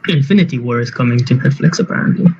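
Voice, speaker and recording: A young man co-hosting a podcast, telling rambling, animated stories with plenty of swearing in casual chat. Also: mid-range voice, fast, husky. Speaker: podcast co-host. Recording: muffled lo-fi audio with faint hiss.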